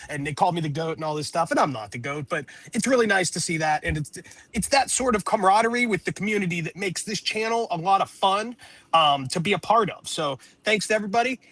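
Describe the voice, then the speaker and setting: A man's voice: high-pitched, quick pace, no echo. Earnest man on a video call. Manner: earnest, thankful, talks in long relaxed sentences. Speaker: returning co-host guest. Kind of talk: casual chat.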